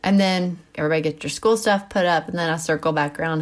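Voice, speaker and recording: A mother of middle schoolers hosts a casual Christian teaching podcast, chatting animatedly with lots of asides and fillers. Her voice is deep and she talks fast.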